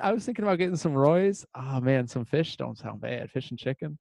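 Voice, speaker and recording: A man's voice: medium pitch, lively intonation, a little fast, vocal fry, darkish tone, no echo, clean studio sound. A young man in casual podcast chat, bantering and reacting playfully.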